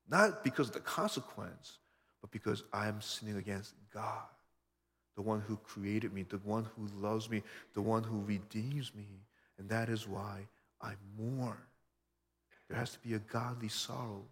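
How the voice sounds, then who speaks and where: A man's voice: medium pitch, a little slow. Male pastor, earnest sermon delivery, many rhetorical questions, long hall reverb. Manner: earnest, personal storytelling with frequent rhetorical questions.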